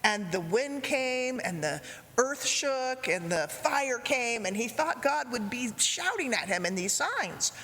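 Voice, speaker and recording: A woman preaching a sermon, retelling a story in a gentle way, with quoted lines spoken softly. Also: a little high, big pitch swings, slow pace, a little hiss or hum. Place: church sanctuary. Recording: reverberant church hall.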